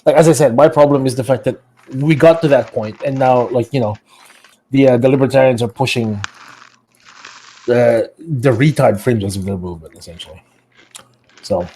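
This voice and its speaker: A man with a dark, mellow voice co-hosts a casual political podcast. He rambles in long, halting runs, piling on fillers as he reaches for his point. His tone stays frustrated and exasperated. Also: medium pitch, slight background noise. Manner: rambling, heavy with fillers like "like" and "you know", frustrated. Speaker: podcast co-host.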